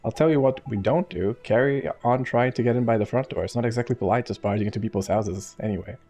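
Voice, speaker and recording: A man's voice: medium pitch, fast, mellow, soft background music, close to an everyday voice. A man voicing a boastful, blunt male fairy sidekick with brash, slangy, teasing talk, reading game dialogue aloud. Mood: cheeky.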